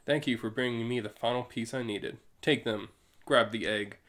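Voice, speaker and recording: A man's voice: mid-range voice, normal speed, a bit bright. A man co-hosting a casual chat, reading comic book lines aloud with playful voices and frequent laughs. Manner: reads characters aloud with playful goofy voices, laughs often. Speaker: podcast co-host.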